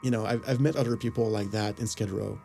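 Talking fast in a steady tone, this Los Angeles-area man shares a personal story that wanders, padded with fillers and snippets of performed dialogue. His voice is gravelly and mellow at ordinary pitch, with faint music underneath.

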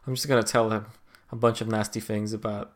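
A man's voice: lowish voice, flat delivery, fairly quick, a crowd in the background. A man co-hosting a comedy podcast, rambling through absurd musings in casual chat. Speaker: podcast co-host.

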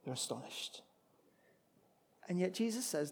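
A man preaching a sermon, expressive, moving between loud emphatic passages and hushed ones. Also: on the high side, moderate pace.

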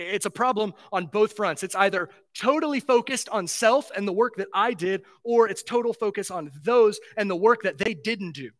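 High-voiced man preaching earnestly. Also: a bit bright. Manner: earnest, emphatic preaching with repeated phrases and rhetorical questions. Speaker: pastor. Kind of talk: sermon.

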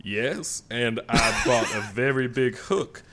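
A man doing a refined Southern gentleman with a put-on American Southern accent, talking in a mock-dignified, jokey manner. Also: mid-range voice, slow, heavily acted. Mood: mock-genteel. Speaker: podcast co-host.

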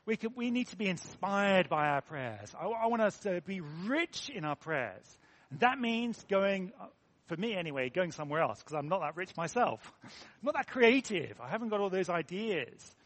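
A man's voice: high voice, very animated, normal speed, a bit bright. An English man preaching a sermon in an earnest, conversational way, with self-deprecating asides.

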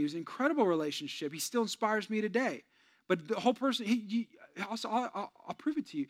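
High-voiced, animated male preacher. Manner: animated preacher, swings from loud urging to quiet asides, jokes with the congregation. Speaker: pastor. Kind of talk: sermon.

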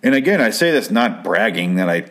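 A man's voice: lowish voice, very animated, a little fast, a bit bright. A man casually telling a long personal anecdote, rambling off on tangents and swearing freely. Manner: rambling, profane, digressive. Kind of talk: casual storytelling.

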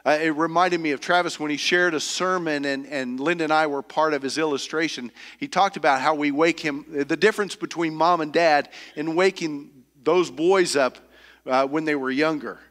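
A middle-aged man preaching a sermon as pastor, earnest and halting, often repeating words as he searches for the next phrase. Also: on the high side, fairly even intonation, a bit bright. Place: church sanctuary. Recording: long reverb of a church hall.

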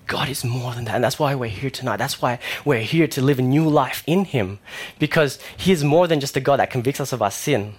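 A young man preaching a sermon in a conversational way, with fillers and animated stories. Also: mid-range voice, fairly quick, few pauses.

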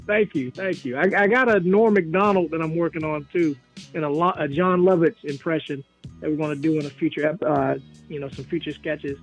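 Husky-voiced man stumbling over his words. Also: a little high, fairly even intonation, a little fast, faint music behind, poor audio. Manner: stammering, repeats words. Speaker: guest, sketch comedy host. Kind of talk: casual chat.

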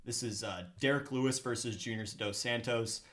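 A man's voice: mid-range voice, steady tone, moderate pace, a bit bright. A man hosting a podcast in casual chat, chatty and rambling, laughing often. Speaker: podcast host.

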